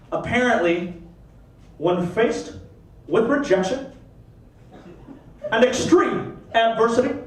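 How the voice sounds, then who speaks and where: A man doing a stand-up comedy set, telling stories in an animated way and slipping into put-on voices. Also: high-pitched, background noise. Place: comedy stage before a live audience. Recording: roomy, distant mic with audience laughter.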